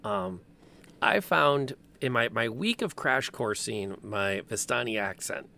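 Gravelly man, chatty. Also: medium pitch, animated, slow, bright, forceful tone. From American Midwest. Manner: chatty, rambling with tangents. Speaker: game master and podcast host. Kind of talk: casual chat.

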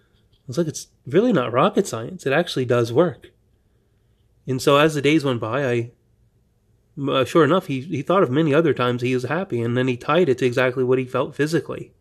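A man hosting a podcast, telling a story in a monologue and acting out both sides of a conversation with quick restarts. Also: medium pitch. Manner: animated, reenacts dialogue with quick restarts. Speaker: podcast host.

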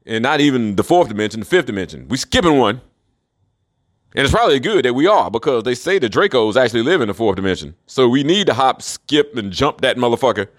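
Animated, profane man ranting solo. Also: medium pitch, quick pace. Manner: profane, mocking, laughs often. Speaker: commentator. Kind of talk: rambling solo monologue.

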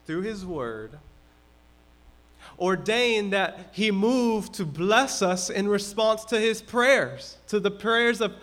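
High-voiced man preaching a sermon. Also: a bit bright. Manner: conversational preaching, acts out everyday complaints. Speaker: pastor.

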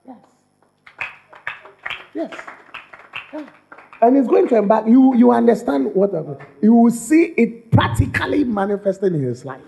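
A man preaching in an animated, repetitive way, often stumbling and restarting his words. His voice sits high and swings widely in pitch. He takes his time, with a slow, unhurried delivery. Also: vocal fry. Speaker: pastor. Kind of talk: sermon.

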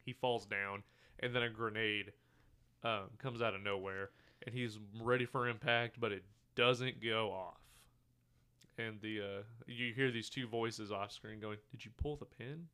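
A man's voice: lowish voice, fairly even intonation, a little slow, pushed and bright, smooth. A man co-hosting a podcast, casually recapping a movie scene by scene, rambling with fillers and quoted lines. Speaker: podcast co-host. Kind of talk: casual movie review chat.

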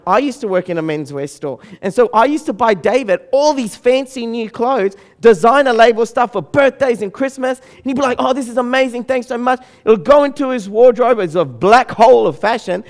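A man's voice: very high voice, normal speed, few pauses. A man, telling a humorous story to an audience and acting out the voices of people in it. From Australia. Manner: animated, acts out the voices of people in his story. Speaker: speaker.

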